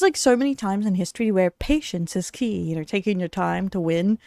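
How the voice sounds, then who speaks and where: A woman's voice: mid-range voice, expressive, brisk, creaky, warm tone, dry recording, studio quality. A woman from Australia casually commenting on a video she is watching, chatty and giggly with lots of fillers. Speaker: streamer reacting to a video.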